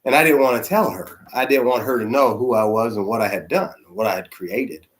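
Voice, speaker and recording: A man, a church's senior spiritual leader, preaching in a conversational, animated storytelling way with soft asides. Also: medium pitch, brisk. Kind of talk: storytelling sermon.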